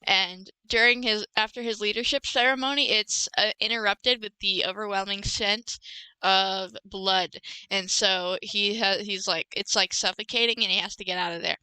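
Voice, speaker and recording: A woman's voice: medium pitch, fairly even intonation, moderate pace, pushed and bright, clear, resonant tone, dry recording, rough recording. A young woman hosting a podcast, recapping a book in a rambling, self-correcting casual chat. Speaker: podcast host.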